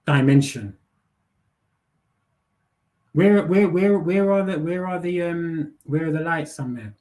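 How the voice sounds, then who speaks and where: A man's voice: mid-range voice, dark tone. A young man, hosting a live panel and ranting bluntly with heavy swearing, street slang and repeated words. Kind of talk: casual rant.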